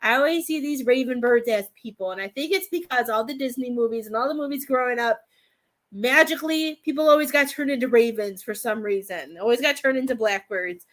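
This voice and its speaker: A woman's voice: fairly high pitch, fairly quick, a bit bright. A woman giving a tarot reading as a medium, talking in a rambling, hesitant way that often turns emotional. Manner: rambling, hesitant, full of "I feel like"; emotional and tearful at times. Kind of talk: live-stream tarot reading.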